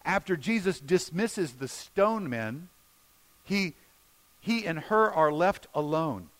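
A male pastor preaching a sermon, shifting between emphatic points and hushed, slow retellings of scenes. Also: fairly high pitch. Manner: expressive, drops to a hushed voice for quoted scenes.

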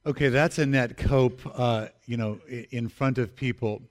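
In a mid-range male voice with fairly even intonation and normal speed, a pastor preaches emphatically. He repeats key phrases and addresses the congregation directly.

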